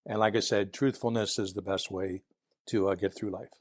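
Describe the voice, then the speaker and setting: A man's voice: on the low side, fairly even intonation, moderate pace, no echo. Chatty Philadelphia man with a dry sound. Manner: chatty, acts out voices in anecdotes, chuckles while talking. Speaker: guest, retired FBI agent. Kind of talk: casual interview storytelling.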